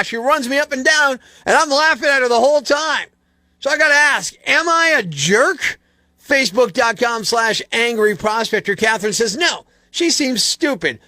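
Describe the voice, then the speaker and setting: Hosting a morning show from a radio studio, this man has a very high voice and speaks at a normal pace, captured cleanly on a studio microphone with no echo. His casual radio talk mixes lively stories, news jokes and frequent laughter.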